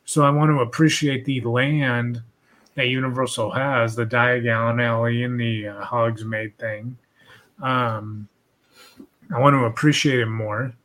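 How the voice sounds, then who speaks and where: A man's voice: medium pitch, fairly even intonation, measured pace, a bit bright. A man hosting a podcast in casual chat, rambling and swearing freely as he tells a loose story. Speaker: podcast host.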